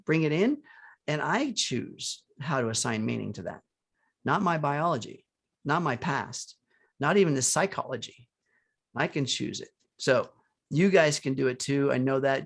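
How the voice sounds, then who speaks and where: A man's voice: fairly high pitch, vocal fry. A man co-hosting a live online talk, speaking earnestly and motivationally about surrender and focusing on joy. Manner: earnest, motivational, with restarts and chuckles. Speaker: co-host. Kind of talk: spiritual coaching talk.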